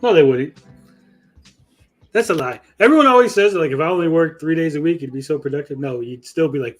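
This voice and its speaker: A man's voice: on the high side, expressive, brisk, faint music behind. A man in his thirties hosting a casual podcast, telling crude stories full of swearing and acted-out quotes. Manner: swearing, storytelling, acts out quotes. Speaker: podcast host.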